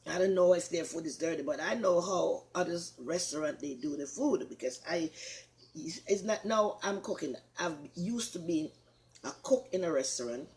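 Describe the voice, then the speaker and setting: A woman's voice: lowish voice, expressive, moderate pace. Older Jamaican woman chatting while cooking. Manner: chatty, repeats herself, warm asides to viewers. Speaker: talk show host. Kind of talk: casual cooking chat.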